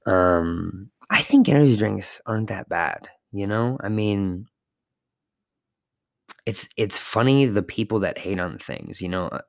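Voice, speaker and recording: A man hosts a casual solo podcast from his apartment, rambling loosely with filler words and the occasional swear. His voice is low and gravelly, and the recording is studio quality with no echo.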